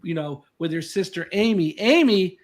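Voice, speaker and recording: A man hosting a podcast, hoarse and voice cracking from a cold, upbeat and chatty with his guests. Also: sits high, animated, moderate pace. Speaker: podcast host. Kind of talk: casual interview chat.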